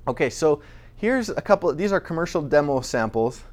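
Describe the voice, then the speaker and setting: A man's voice: a little high, expressive, moderate pace. A man presenting a casual talk to a small audience, speaking in a chatty, conversational way with frequent restarts. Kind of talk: casual lecture on voice recording.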